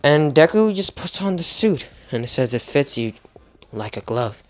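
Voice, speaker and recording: A man's voice: fairly high pitch, sing-song, moderate pace, faint music behind. Rambling young man telling a fan story. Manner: rambling, with restarts and laughs. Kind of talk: improvised fan story narration.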